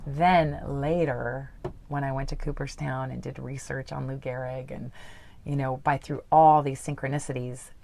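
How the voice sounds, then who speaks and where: A woman with an unusually low voice and a gravelly edge. She talks through a personal story earnestly, in casual interview style with lots of fillers. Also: steady tone, normal speed, darkish tone, no echo. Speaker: guest.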